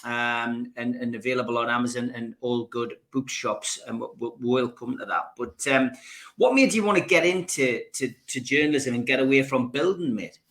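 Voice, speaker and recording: Bright-voiced man hosting. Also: medium pitch. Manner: halting, repeats words, chatty. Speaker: podcast host. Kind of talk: casual interview.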